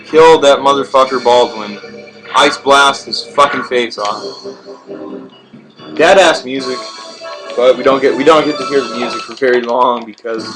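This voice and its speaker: A man with a medium-pitched voice narrates a video game walkthrough at a moderate pace, leaving long pauses. His casual gameplay commentary is laid-back, rambling and profane, with game music playing in the background.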